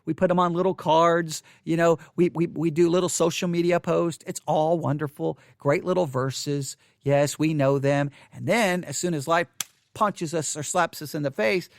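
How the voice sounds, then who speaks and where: A man's voice: fairly high pitch, steady tone, normal speed, no echo, clean studio sound. A man who teaches the Bible, talking to camera in a frustrated, repetitive rant. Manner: frustrated, ranting, repeats himself. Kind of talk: unscripted video monologue.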